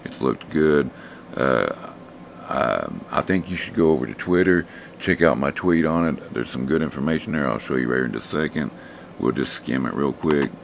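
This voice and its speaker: A man, hoarse and losing his voice, casually talking through stock charts for a live stream audience. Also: a bass voice, normal speed, slight background noise. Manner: relaxed, rambling, talks to chat viewers.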